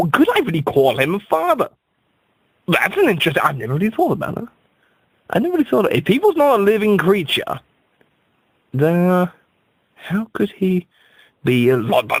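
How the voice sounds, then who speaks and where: Stammering man, lively rambling monologue. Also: on the high side, breathy edge, dry recording, poor audio. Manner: rambling, stammering repeats, mock-serious. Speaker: comic radio host. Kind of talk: absurd comic monologue.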